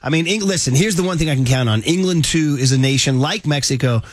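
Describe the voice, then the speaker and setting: A man hosting sports talk radio, casual and animated, full of slang, his voice jumping up when he gets worked up. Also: fairly high pitch, quick pace, no room sound, studio quality.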